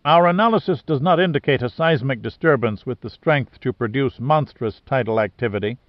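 A man's voice: mid-range voice, a little fast, dry recording, lightly acted. Man voicing a matter-of-fact volcano scientist. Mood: measured. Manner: precise, explanatory. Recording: dry, slightly dull lo-fi sound.

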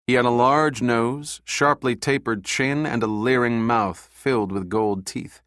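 A man's voice: mid-range voice, no room sound. Male audiobook narrator, dry close sound. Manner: steady, measured reading.

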